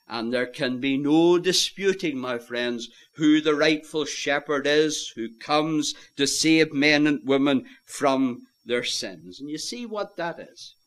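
Impassioned, slow-paced male preacher. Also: on the high side. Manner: impassioned, rising to loud emphatic peaks, repeats phrases for stress; quotes scripture in old-fashioned wording. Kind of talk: evangelistic sermon.

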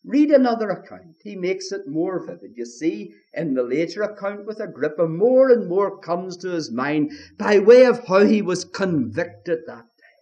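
A man's voice: high-pitched, very animated, moderate pace, dark tone, dull audio. A man preaching a sermon in a fervent old-style manner, appealing again and again to his listeners with rhetorical questions.

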